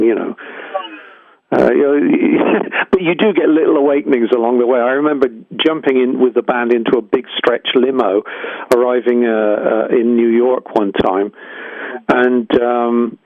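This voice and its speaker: A man's voice: mid-range voice, fairly even intonation, normal speed, dry recording. An older man speaks as an interview guest, storytelling candidly and circling back with restarts. His mid-range voice comes through a thin, phone-like line. The sound is dry, with no room around it. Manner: rambling, frank, full of restarts and acted-out quotes. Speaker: guest musician.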